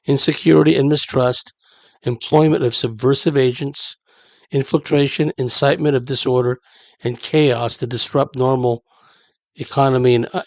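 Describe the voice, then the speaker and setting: A man reading a report aloud in a measured way, breaking off for chatty asides. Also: medium pitch, creaky, a little mellow, dry recording. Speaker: commentator reading a document.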